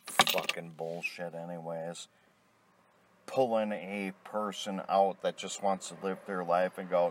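A man's voice: low voice, steady tone, slow pace, background noise. A middle-aged man delivering an angry, profane rant, blunt and tired. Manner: angry, blunt, heavy swearing.

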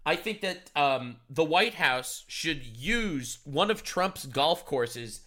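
Young streamer guy with a high bright voice, cussing and joking over news clips. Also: takes it slowly. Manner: sarcastic, excitable, swears a lot. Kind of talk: casual profane commentary.

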